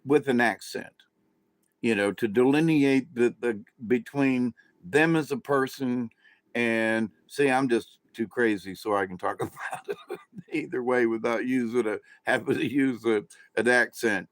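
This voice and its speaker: A man's voice: mid-range voice, a little slow, no echo. A man talking about his spiritual experiences in a rambling casual monologue, with many restarts. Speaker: vlogger, self-described channeler.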